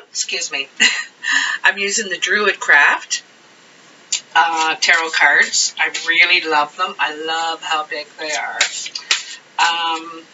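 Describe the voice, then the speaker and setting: A woman's voice: sits low, fairly even intonation, slow, pauses often, recorded from a distance, muffled recording, background noise. A woman giving a casual tarot reading to camera, chatty and rambling with many fillers. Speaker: tarot reader.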